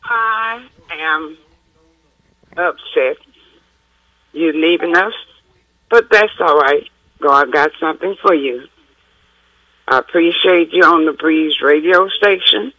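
A woman's voice: low-pitched, slow pace, pauses often, bright, forceful tone, no room sound, dull audio. A woman calling in to a radio show who speaks in an earnest, prayerful way. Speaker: caller. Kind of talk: call-in radio talk.

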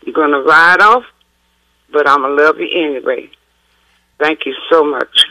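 A woman calling in to a radio show with a bright, forward voice and a dry, close sound. She speaks earnestly and prayerfully, offering blessings and encouragement. Her tone stays steady and sincere throughout. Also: low voice, unhurried, no echo, poor audio. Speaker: caller. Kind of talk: call-in radio talk.

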